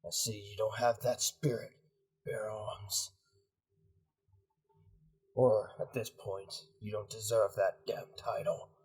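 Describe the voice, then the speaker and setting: A man's voice: fairly low pitch, little pitch movement, takes it slowly, long pauses, darkish tone, husky, exaggerated voice. A man playing a cold, menacing warlord king. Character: stern ruthless male warlord king.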